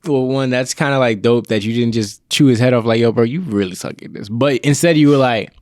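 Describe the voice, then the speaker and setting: A man hosting a podcast in an easygoing, joking way, giving shout-outs and acting out quotes as he asks his questions. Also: medium pitch, fairly quick, no room sound, studio quality. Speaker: podcast host. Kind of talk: casual interview chat.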